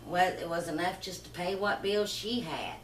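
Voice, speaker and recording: Middle-aged woman, low voice, soft rambling storyteller, recorded roomy and off-mic with faint room noise. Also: animated, normal speed, recorded from a distance. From Southern United States. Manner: rambling, soft-spoken, emotional reminiscing. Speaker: vlogger. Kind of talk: personal storytelling.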